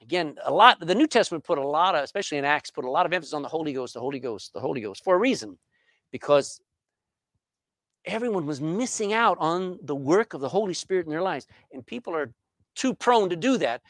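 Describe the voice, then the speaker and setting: A middle-aged man preaching a sermon, swinging between loud emphasis and hushed asides. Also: on the high side, expressive, fast, dry recording, studio quality. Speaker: pastor. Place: church sanctuary.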